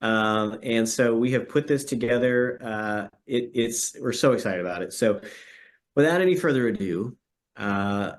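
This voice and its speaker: A man's voice: lowish voice, normal speed. A man hosting a casual interview, friendly and chatty, often restarting his sentences. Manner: friendly, stammers and restarts, laughs along. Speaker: host.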